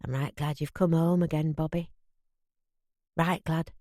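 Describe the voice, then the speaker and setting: Woman doing a gruff Yorkshire father in his fifties. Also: fairly low pitch, lively intonation, normal speed, dry recording, studio quality, close to an everyday voice. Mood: tender. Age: 50s. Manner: gruff, blunt, grumbling. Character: gruff proud Yorkshire father, aged fifty.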